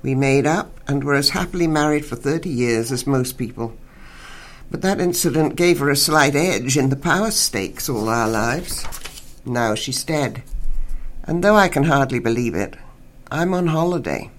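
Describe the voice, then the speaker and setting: A woman writer from Canada, a guest in an interview, speaking in a measured way and reading her own short story aloud. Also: very deep voice, lively intonation.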